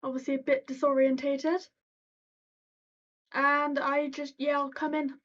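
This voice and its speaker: A woman with a high voice plays her turn in a tabletop game, casual and blunt, with the odd swear. The recording sounds a little muffled and lo-fi. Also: monotone, takes it slowly, a bit bright. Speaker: player.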